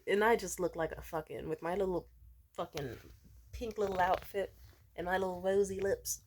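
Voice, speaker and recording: A tired, sleepy young woman vlogger telling a story in casual chat, animated, laughing often and swearing freely. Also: medium pitch, a little hiss or hum.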